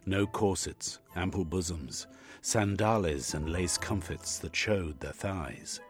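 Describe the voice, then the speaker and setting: A man narrating an audiobook with measured, expressive storytelling. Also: low-pitched, faint music behind. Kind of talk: audiobook reading.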